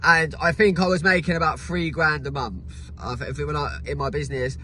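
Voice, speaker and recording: Bright man giving a testimonial. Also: on the high side, fairly even intonation, a little fast, a little hiss or hum. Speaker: coaching client. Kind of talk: casual testimonial.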